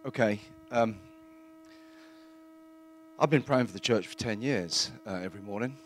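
A man giving a plain-spoken, earnest testimony in church, halting now and then with fillers. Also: fairly low pitch, slight background noise.

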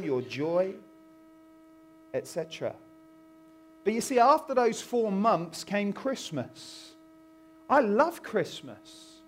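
A man preaching a sermon in a conversational, animated storytelling way, acting out voices. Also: high-pitched, slight background noise. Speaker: pastor.

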